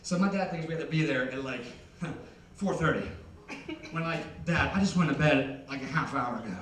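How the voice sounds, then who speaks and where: Young man, stand-up comedy, rambling, chatty, slightly high voice, echoey hall, far from mic. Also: normal speed, fairly bright tone, a little hiss or hum. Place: concert hall. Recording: roomy hall from a distance.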